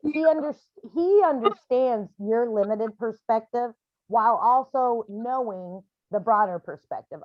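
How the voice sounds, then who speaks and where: A woman with a fairly high voice counsels grieving parents on a video call, animated and expressive, now and then acting out scenes in other voices. The sound is muffled and dry, with no room around it. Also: no echo. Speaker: medium leading a grief support call.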